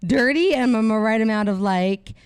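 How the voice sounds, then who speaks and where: A woman's voice: on the high side, normal speed, smooth, dry recording. A woman comedian guest in casual podcast chat, bold and self-assured, laughing often.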